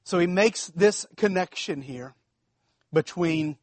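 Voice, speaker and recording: A man, preaching with a fairly high voice. He talks conversationally, repeats phrases and checks in with the congregation. The sound is dry and close. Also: slow pace, dry recording. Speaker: pastor. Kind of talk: sermon.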